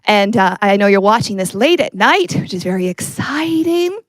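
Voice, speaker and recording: A woman doing a musical comedy set with deadpan, self-mocking asides as she introduces her songs. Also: medium pitch, normal speed, dry recording. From Canada. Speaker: comedy singer. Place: stage filmed without audience. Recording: with guitar music behind. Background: acoustic guitar.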